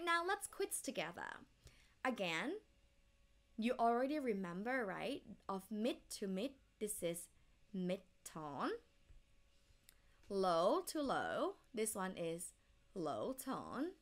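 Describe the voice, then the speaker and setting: A woman teaching a language lesson, demonstrating pitch movements slowly and carefully. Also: very animated, fairly bright tone. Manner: slow, careful demonstration of tones.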